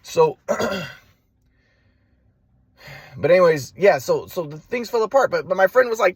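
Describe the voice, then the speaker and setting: A man's voice: sits high, lively intonation, normal speed, pauses often, breathy edge, dry recording. A man in a rambling personal monologue, stammering with frequent restarts and swearing freely. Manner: repetitive restarts, stammering, profane. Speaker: vlogger.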